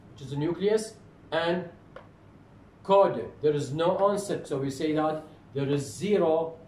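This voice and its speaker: Male lecturer, fairly high voice, repeats key terms, echoey room with faint hiss. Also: a little mellow. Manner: repetitive, asks questions and answers them. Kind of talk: phonetics lecture.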